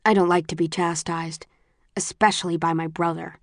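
A woman narrating a first-person story as an audiobook reader, in a measured, even storytelling manner. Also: on the low side, no echo, clean studio sound.

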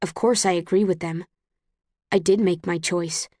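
A woman's voice: lowish voice, fairly even intonation, normal speed, mellow, no echo, clean studio sound. Woman narrating a novel in first person. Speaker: audiobook narrator.

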